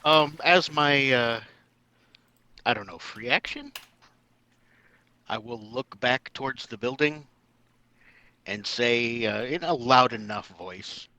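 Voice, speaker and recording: A man's voice: medium pitch, takes it slowly, long pauses, bright, forceful tone. A man playing a tabletop game, casually describing his character's actions. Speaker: player.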